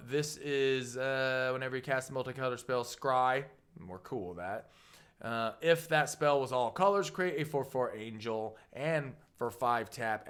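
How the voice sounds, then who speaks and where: A man hosting a casual card game deck walkthrough, playful and rambling, with goofy asides and sudden jumps in pitch. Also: fairly bright tone, clean tone. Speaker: deck tech host.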